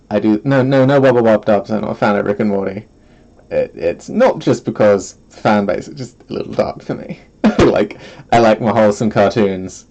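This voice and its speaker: A man's voice: lowish voice, moderate pace, a little mellow, muffled recording. A man streaming from home, chatting casually in a rambling, self-deprecating way and often breaking into giggles. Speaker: vtuber streamer. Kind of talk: casual solo stream chat.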